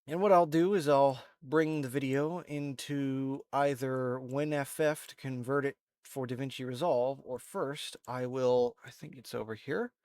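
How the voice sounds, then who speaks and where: A man with a stuffy, nasal voice, thick with allergies, talks through a screen-recorded tutorial in a loose, rambling way. His pitch sits in a middling range. The sound is dry and close, with no room echo. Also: measured pace, few pauses. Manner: rambling, relaxed, self-correcting. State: stuffy with allergies, sniffling and coughing. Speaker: video creator. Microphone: desk microphone.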